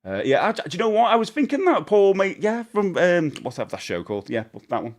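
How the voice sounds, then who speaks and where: A man's voice: sits high, sing-song, a little fast. Chatty man streaming live. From England. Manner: chatty and rambling, reads chat questions aloud, laughs easily. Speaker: livestreamer.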